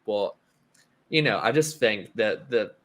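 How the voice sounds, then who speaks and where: A man's voice: on the low side, animated, a little slow, a bit bright. A man on a film podcast, chatting casually and rambling with many restarts. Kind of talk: casual chat.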